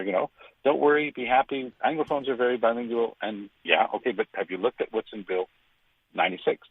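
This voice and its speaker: A man's voice: slightly rough, no room sound. Older male pundit, indignant and emphatic, dry phone-line sound. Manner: emphatic, indignant, swings pitch widely for stress. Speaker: radio commentator. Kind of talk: opinionated radio commentary.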